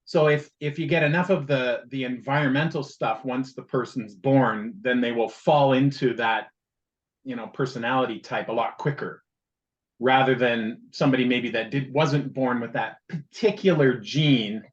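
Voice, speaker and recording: A man's voice: mid-range voice, normal speed, dull audio. A man co-hosting a casual chat, talkative and often searching for the right word. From Canada. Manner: chatty, searches for words. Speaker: podcast co-host.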